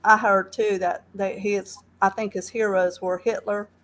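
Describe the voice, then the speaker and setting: A woman with a mid-range, somewhat bright voice and a flat delivery calls in to a live stream on a low-quality recording. Speaking with a Southern accent, she chats casually and earnestly, often restarting and leaning on fillers.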